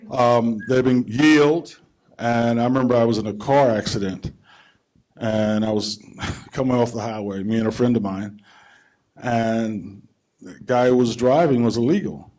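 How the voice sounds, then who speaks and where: A man's voice: mid-range voice, a little mellow. A man from New Jersey speaking on a conference panel in an informal, rambling way, with restarts and chuckles. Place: conference hall.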